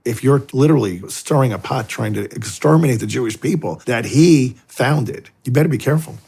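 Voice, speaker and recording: A man's voice: mid-range voice, fairly quick, husky. A middle-aged man, a Catholic priest, telling stories in an interview and acting out the people in them. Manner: animated, acts out quoted exchanges. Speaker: Catholic priest and exorcist, guest. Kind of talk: interview storytelling.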